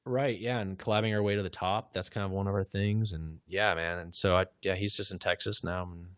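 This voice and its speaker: A man's voice: deep voice, steady tone, brisk, fairly bright tone, no echo, studio quality. A man speaking as a podcast guest in casual conversation, blunt and driven, with frequent restarts. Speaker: podcast guest, media business owner.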